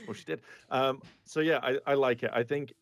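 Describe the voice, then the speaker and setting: A man's voice: mid-range voice, steady tone, fairly quick, no echo. A man co-hosting a casual fan livestream with wry, grumbling humor. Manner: wry, self-deprecating grumbling.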